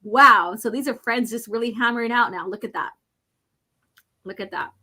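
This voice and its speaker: A woman's voice: fairly high pitch, bright, forceful tone. Chatty woman reading comics aloud. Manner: chatty, many fillers, reads dialogue slowly with emphasis. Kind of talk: casual chat, reading comic panels aloud.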